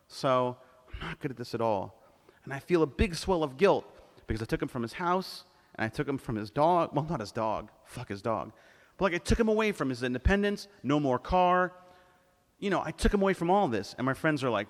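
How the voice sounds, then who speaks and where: A man's voice: medium pitch, lively intonation, brisk. Brief: male cartoonist on a live panel, blunt and swearing, plays every part in his stories; medium voice, echoing convention hall. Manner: profane, candid, acts out quoted dialogue. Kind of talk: live storytelling talk. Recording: live hall with long reverb.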